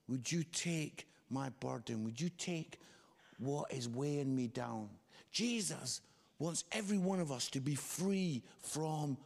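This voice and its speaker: A man preaching a sermon, telling a story with lively, animated delivery and quoted voices. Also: sits high. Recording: long hall reverb.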